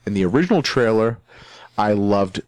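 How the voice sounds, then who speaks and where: A man's voice: on the low side, expressive, moderate pace, darkish tone, no room sound. A man co-hosting a casual podcast chat, joking and mock-earnest as he talks through upcoming films. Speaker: podcast co-host.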